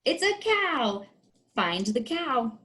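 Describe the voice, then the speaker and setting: A woman's voice: high voice, sing-song, slow, a bit bright. A woman teacher demonstrating a picture-card lesson for young students, talking in a sing-song way and making animal sounds.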